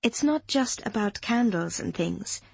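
A woman voicing an earnest young Danish woman who explains things gently, in a slightly husky voice. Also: mid-range voice, animated, a little slow, no room sound, heavily acted.

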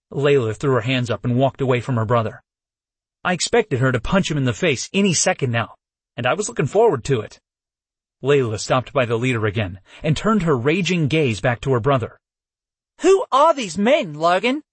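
Husky, expressive male narrator. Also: medium pitch, no echo. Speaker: audiobook narrator. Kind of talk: first-person fiction narration.

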